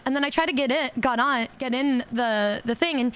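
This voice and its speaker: A woman streamer telling a story in casual chat, stammering and repeating words, quoting others in animated voices. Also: high voice, brisk, few pauses.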